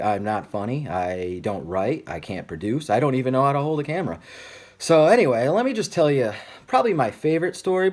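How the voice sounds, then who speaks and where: A man's voice: medium pitch, darkish tone. A man telling a comic story in a rambling, digressive way, full of asides. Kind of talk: stand-up style comic monologue.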